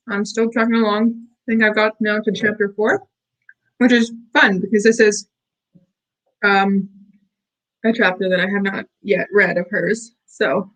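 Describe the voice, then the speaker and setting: A woman hosting a work-along stream from her desk at home, chatting casually and cheerfully to viewers with little squeals of excitement. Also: mid-range voice, normal speed, low-quality recording.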